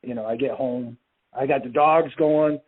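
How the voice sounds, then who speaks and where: A man's voice: medium pitch, steady tone, moderate pace, breathy edge. A middle-aged man, a company president, talking casually about his family as an interview guest. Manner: warm, chatty storyteller with laughs. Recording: tinny phone-like line.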